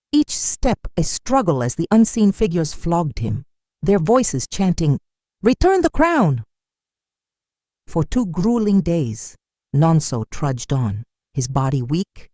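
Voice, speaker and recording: An unhurried, dramatic storyteller reading a scripted tale. The voice is dark and mellow, and its pitch rises and falls a great deal. The sound is dry and close, with no room around it. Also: no echo. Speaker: narrator.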